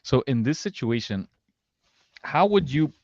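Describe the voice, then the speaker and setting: A man co-hosting a casual podcast chat, quick to laugh and raise his voice. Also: medium pitch, animated, no echo, muffled recording. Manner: quick, loud, laughs often. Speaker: podcast co-host.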